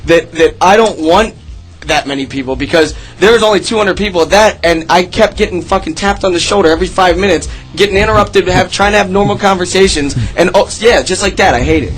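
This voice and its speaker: High-voiced swearing radio host man. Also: a little fast, soft background music, poor audio. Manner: loud, rambling, swears a lot. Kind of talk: casual radio banter. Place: radio studio.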